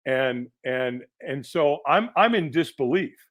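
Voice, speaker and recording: A middle-aged man, a podcast guest, telling a personal story in an animated way and acting out the people in it. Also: medium pitch, measured pace. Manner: animated storyteller who acts out quoted voices.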